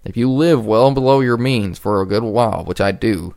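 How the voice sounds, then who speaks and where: A man's voice: on the low side, moderate pace, vocal fry, darkish tone. A man in his twenties hosting a solo podcast, talking casually and rambling with frequent restarts. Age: 20s. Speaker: podcast host.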